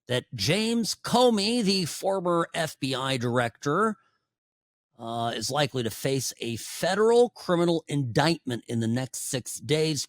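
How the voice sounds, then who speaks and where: A middle-aged man hosting a talk radio show, delivering an opinionated, sarcastic monologue that swings between loud outbursts and hushed asides. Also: medium pitch, no room sound, clean studio sound.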